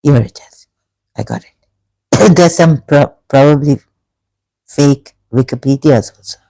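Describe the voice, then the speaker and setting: Slow, mellow-voiced rambling commentator. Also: mid-range voice, dry recording, rough recording. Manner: rambling, emotional, many restarts. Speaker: religion critic. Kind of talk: casual monologue commentary.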